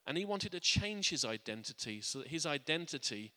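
A man preaching a sermon to a congregation. He speaks earnestly, often restarting or repeating words, and drops quiet and soft on his reflective points. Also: a little high, very animated, a little fast. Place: church. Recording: long church hall reverb.

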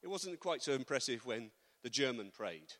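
A man preaching a sermon, animated, acting out quotes with humorous asides. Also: mid-range voice, moderate pace. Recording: long reverb of a large hall.

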